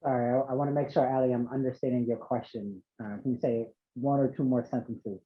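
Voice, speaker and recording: A man with a Boston accent, a nonprofit CEO speaking earnestly on a panel, with many pauses and fillers. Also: mid-range voice, steady tone. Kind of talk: panel discussion. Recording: tinny phone-like call audio.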